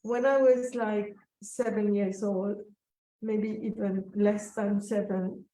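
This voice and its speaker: Slow, mellow-voiced woman telling a story. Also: medium pitch, little pitch movement. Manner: slow, reflective, emotional storytelling. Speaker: interviewee. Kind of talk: personal storytelling in an interview. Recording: echoey room, voice from a distance.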